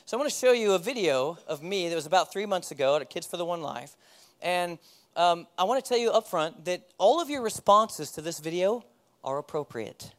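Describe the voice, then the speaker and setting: A man's voice: sits high, animated, a little fast. A man in his thirties, a pastor, giving a candid personal testimony in a sermon, self-deprecating and often laughing at himself.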